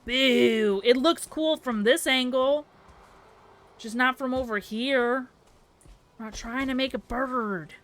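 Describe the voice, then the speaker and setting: A woman's voice: sits high, takes it slowly, a bit bright. A young Southern woman live-streaming a building game, chatting with viewers and muttering her thoughts aloud, sleepy and giggly. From American South. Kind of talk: casual live-stream chat while building.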